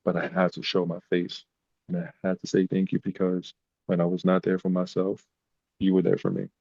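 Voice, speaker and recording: A man's voice: low-pitched, a little fast, creaky, slightly rough, dry recording, muffled recording. A man, a podcast guest, telling personal stories in a casual, emotional way. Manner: emotional, animated retelling. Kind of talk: casual storytelling.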